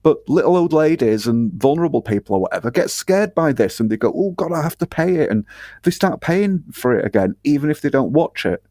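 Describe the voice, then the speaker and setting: A man's voice: mid-range voice, very animated, brisk, mellow, dry recording, studio quality. A man from the north of England with a Northern English accent, a guest ranting bluntly and swearing freely in casual podcast chat.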